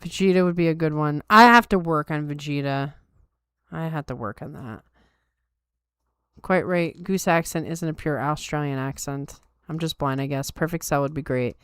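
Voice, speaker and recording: A woman's voice: low voice, moderate pace, a bit bright, clean tone, no room sound, clean studio sound. A tired woman hosting a podcast, chatting casually and wryly with her viewers. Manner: wry, self-deprecating chatter. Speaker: podcast host. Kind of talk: casual chat with live chat.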